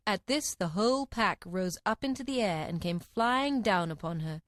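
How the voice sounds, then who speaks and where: A woman reads a storybook aloud with a very lively, sweeping pitch. Her voice sits mid-range and the recording is dry and close, with no room sound. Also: moderate pace, hardly any pauses, no room sound. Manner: expressive, animated reading. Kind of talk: scripted story narration.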